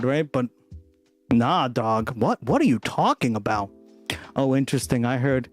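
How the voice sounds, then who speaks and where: A man's voice: mid-range voice, a little mellow. A man hosting a casual livestream, rambling and swearing freely as he comments, often breaking into laughter. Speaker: livestream host.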